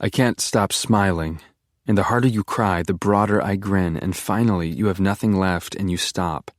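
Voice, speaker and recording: A man's voice: low-pitched, normal speed, no room sound, studio quality. A man reading a first-person audiobook with an intense, obsessive inner monologue. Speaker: audiobook narrator.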